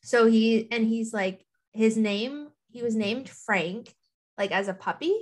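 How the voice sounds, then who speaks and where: A woman co-hosting a podcast rambles through casual chat, using "like" constantly. She speaks slowly in a slightly high voice.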